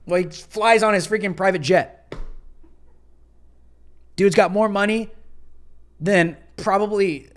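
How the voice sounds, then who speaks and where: A man's voice: fairly even intonation, slow pace, long pauses. A young man with a slightly raised voice hosts a casual livestream. He speaks loosely and sarcastically, full of fillers and mock outrage. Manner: sarcastic, mocking, mimics others in high voices. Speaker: livestream host.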